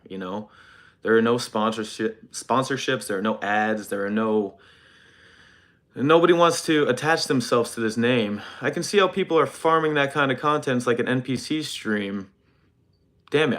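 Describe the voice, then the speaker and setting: Reading chat on a phone livestream, a young man delivers a faltering, deadpan apology with mock sincerity. His voice is on the lower side.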